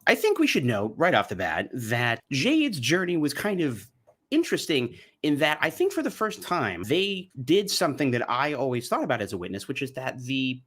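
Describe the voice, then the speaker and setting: A man's voice: mid-range voice, wildly swooping pitch, normal speed, fairly bright tone. A man giving sarcastic, mocking commentary on religious videos. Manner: sardonic, mocking. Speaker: commentary YouTuber.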